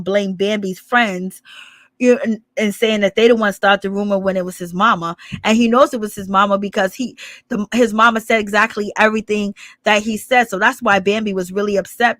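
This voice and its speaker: A woman hosts a casual gossip recap, talking in an animated, dramatic way with frequent laughs and exclamations. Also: medium pitch, no room sound. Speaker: gossip show host.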